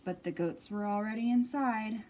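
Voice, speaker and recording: A woman librarian reading a picture book aloud at a children's storytime, expressive and animated. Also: medium pitch, normal speed, slight background noise.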